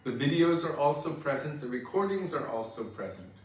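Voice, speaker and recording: A man's voice: fairly high pitch, sing-song, brisk. A man giving an earnest, emphatic devotional lecture as a spiritual teacher. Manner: earnest, emphatic, forceful preaching. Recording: very echoey room, mic far off.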